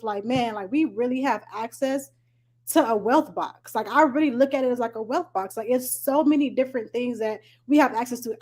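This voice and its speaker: A woman on an online call giving an excited, chatty sales pitch, full of fillers. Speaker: presenter on a business call.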